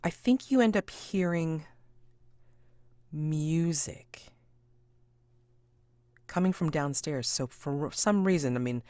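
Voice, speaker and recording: A low-voiced woman runs a tabletop mystery game, narrating scenes in a relaxed, chatty manner. Her pitch rises and falls a great deal. The recording is dry and close. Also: no room sound. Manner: relaxed, chatty, with frequent fillers. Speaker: game master.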